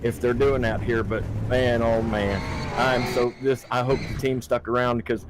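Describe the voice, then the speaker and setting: A man's voice: medium pitch, level tone, moderate pace. A man streaming a sim race, exclaiming and crying with joy, voice shaking. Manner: overjoyed, tearful, exclaiming. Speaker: sim racing driver. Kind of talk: emotional live stream chat. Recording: noisy stream audio.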